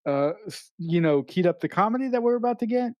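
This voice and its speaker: Co-host voice, mid pitch, close and dry, earnest with stumbling restarts. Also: animated, quick pace, no room sound, muffled recording. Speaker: podcast co-host. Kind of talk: casual film review chat.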